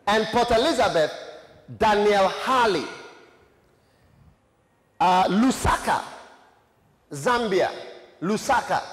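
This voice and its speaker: A man preaching a sermon, reading out names and places with chatty asides. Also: high voice. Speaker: pastor. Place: large church hall. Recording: echoey church hall reverb.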